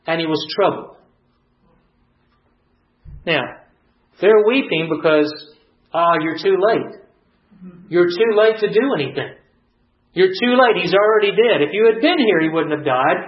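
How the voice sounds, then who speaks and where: A man preaching a sermon, reading scripture aloud and building to earnest, emphatic peaks. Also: a little high. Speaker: pastor. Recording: roomy, dull lo-fi sound.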